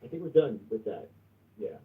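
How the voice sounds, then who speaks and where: A man's voice: fairly low pitch, very animated, moderate pace, far from the mic. Crude, profane male stream host. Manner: crude, profane, swings from mumbling to loud outbursts. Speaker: livestream host. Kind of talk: casual livestream chat. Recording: tinny phone-like sound from off mic.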